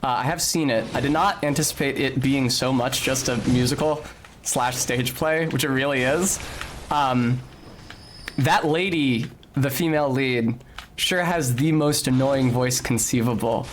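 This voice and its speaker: A man with a mid-range voice streams a video game at an unhurried pace, with slight background noise. His casual commentary uses precise, articulate diction, broken by sudden bursts of swearing at the game, and he talks about sounding like a snob.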